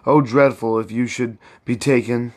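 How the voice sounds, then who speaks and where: A man's voice: mid-range voice, steady tone, normal speed, darkish tone, natural voice. A man reading aloud and voicing an anxious, devoted young wife and mother who pleads with her husband, his voice raised and strained. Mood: pleading.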